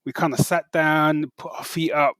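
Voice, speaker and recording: This man speaks at a fairly high pitch and a normal pace, with no room sound on the recording. He co-hosts a casual podcast chat, telling animated stories and humming theme tunes along the way.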